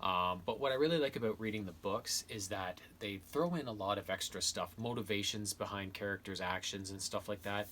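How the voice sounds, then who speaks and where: A man with a fairly low but bright, forceful voice talks through a book review in a loose, rambling way. He piles on fillers and restarts his sentences often. A faint background noise sits under his voice. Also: a little fast, hardly any pauses. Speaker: video host reviewing books and games. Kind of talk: casual spoken review.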